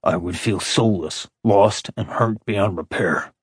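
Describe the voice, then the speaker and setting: A man voicing a calm, stoic immortal man who speaks in a dry, flat tone. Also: fairly low pitch, normal speed, husky, no echo.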